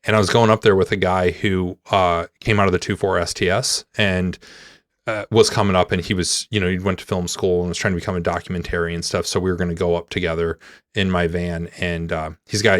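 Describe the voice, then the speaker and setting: A man with a very deep voice hosts a relaxed interview and rambles easily through his own stories, swearing now and then. He is recorded close and dry. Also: no room sound. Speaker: podcast host, conflict reporter. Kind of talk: casual interview chat.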